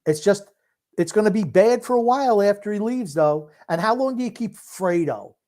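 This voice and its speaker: Blunt, opinionated man with a higher voice. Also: lively intonation, moderate pace, dark tone. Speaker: podcast co-host. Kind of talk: casual sports podcast chat.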